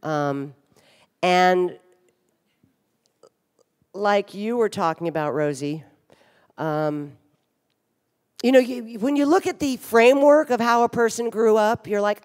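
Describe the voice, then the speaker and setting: Woman, 50s, mid pitch, candid and wryly funny, blunt swearing, stage mic in a reverberant ballroom. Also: expressive, slow, long pauses, a little mellow. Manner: frank, wry and humorous, with blunt swearing. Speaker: speaker at a recovery conference. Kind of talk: candid personal talk on stage. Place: large hotel ballroom stage.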